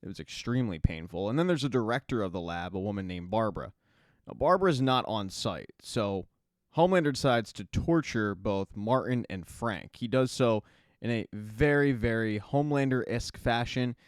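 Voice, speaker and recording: A man's voice: fairly low pitch, lively intonation, moderate pace, smooth, no room sound, studio quality. A man hosting a casual spoken recap of a TV season, chatty and adding offhand asides as he goes. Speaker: TV recap host.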